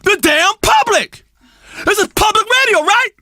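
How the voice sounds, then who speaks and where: An unhinged self-help doctor hosting a game's talk radio show, his voice pitched very high and bright as it swoops wildly across its range. He rants theatrically, crooning one moment and shouting the next. The sound is dry and close, with faint music underneath. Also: animated, moderate pace, no echo, full character voice. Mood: manic. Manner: theatrical, ranting, swings between crooning and shouting. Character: flamboyant erratic male radio health guru. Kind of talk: comedic radio show acting.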